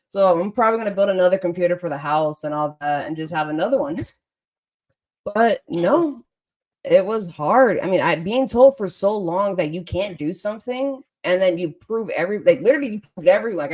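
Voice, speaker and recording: A young woman hosting a relaxed talk, her voice sitting at an ordinary middle pitch. She tells her story in an animated way, laughs often and acts out the lines of the people in it. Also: brisk. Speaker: podcast host. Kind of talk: casual storytelling chat.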